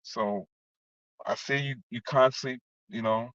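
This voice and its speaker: A man's voice: mid-range voice, steady tone, measured pace, fairly bright tone, dry recording. Man venting in a rambling, profane rant. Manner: rambling, profane, keeps repeating "you know what I'm saying". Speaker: vlogger. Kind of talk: heated venting monologue. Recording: dull lo-fi dry recording.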